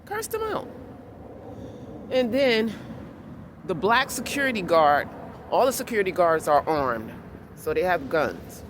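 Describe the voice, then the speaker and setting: A woman vlogging and telling a story in a blunt, animated way that turns heated. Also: lowish voice, unhurried. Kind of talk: casual storytelling vlog. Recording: clear outdoor street noise behind.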